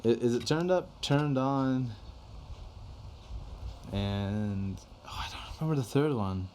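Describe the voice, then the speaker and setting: A man's voice: medium pitch, slow pace, a little mellow, a little hiss or hum. Rambling young man telling stories. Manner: rambling, filler-heavy, swears casually. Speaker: podcast guest telling studio stories. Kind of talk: casual chat.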